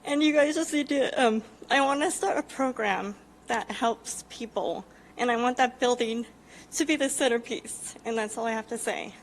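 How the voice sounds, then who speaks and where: A woman making an emotional public comment to a city council, earnest and halting, close to tears. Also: fairly high pitch, slight background noise, poor audio.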